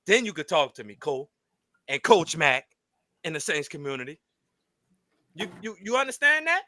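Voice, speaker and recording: A bright, forceful man talks trash with a lively, swooping delivery, boasting and teasing. The sound is dry and close to the mic. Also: on the high side, moderate pace, long pauses, no echo.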